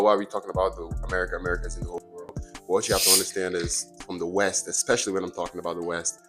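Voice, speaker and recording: Young guy hosting a podcast, very deep voice, talks fast and rambles, faint music under it. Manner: rambling, repeats words. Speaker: podcast host. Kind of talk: casual podcast chat.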